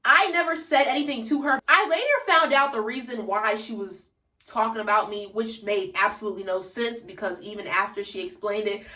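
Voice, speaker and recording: This teenage vlogger, in her late teens, has a highish, sharp voice with a steady tone and talks a little fast as she shares a chatty, slang-filled story with viewers. Her phone camera sits far from her, and the room echoes.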